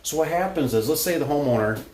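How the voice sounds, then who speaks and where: A man's voice: fairly high pitch, expressive, fast, darkish tone. Rambling Midwestern American man in an echoey shed. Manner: rambling, chatty, with many fillers and self-corrections. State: soaked from the rain. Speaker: garage door technician. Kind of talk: casual on-the-job vlog talk. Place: indoors in a shed, then outdoors in the rain. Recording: echoey space with faint ambient noise.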